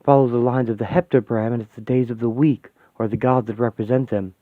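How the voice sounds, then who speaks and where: A man's voice: medium pitch, steady tone, fairly quick, no echo, natural voice. A man playing a bookish young woman explaining. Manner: explanatory, thoughtful. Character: earnest young woman, bookish guide to magic. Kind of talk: fan radio-play comic reading. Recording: tinny, dry, phone-like sound.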